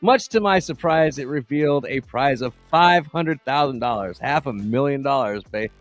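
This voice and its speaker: A man's voice: mid-range voice, moderate pace, no room sound. Male podcast co-host, casual late-night banter, reads chat aloud, light music under him. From Texas. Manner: loose, joking, reads chat comments aloud.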